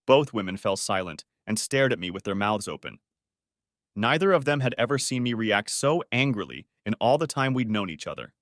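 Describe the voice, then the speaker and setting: A man reading a first-person dramatic story aloud with expressive, sardonic delivery. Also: lowish voice, brisk, dry recording, studio quality. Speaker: story narrator.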